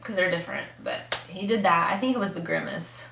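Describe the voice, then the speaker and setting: A young woman vlogger telling an excited story in a casual, gushing way, full of "like" and laughs. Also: on the low side, brisk, gravelly, a little hiss or hum. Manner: gushing fangirl, lots of "like" and laughs. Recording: echoey room.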